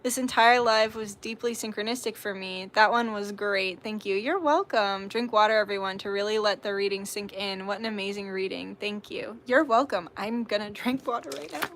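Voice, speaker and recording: Bright, chatty young woman streamer. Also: mid-range voice, normal speed, few pauses, a little hiss or hum. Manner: chatty, giggly, swears casually. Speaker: tarot reader hosting a live stream. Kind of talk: casual livestream chat reading comments.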